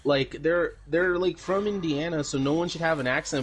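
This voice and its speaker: A man's voice: on the high side, steady tone, a little fast. A man co-hosting a podcast, casually recapping a movie in a rambling way, with lots of fillers, swearing and laughter. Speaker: podcast co-host.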